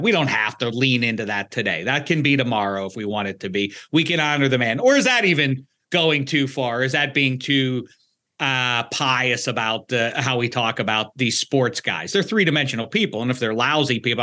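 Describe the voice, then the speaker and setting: A man hosting a sports talk show, chatting casually with animated asides and quick self-corrections. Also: medium pitch. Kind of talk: casual sports podcast chat.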